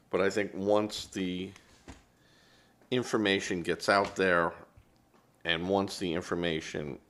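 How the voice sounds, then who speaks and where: A man giving opinionated political commentary as host, rambling and hesitant, often correcting himself. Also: low-pitched.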